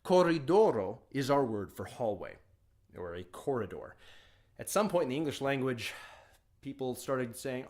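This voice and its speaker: A man at a middle pitch explains words in a casual video lesson. He talks plainly and clearly, with playful, wry asides. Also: sing-song, normal speed, darkish tone. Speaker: language teacher.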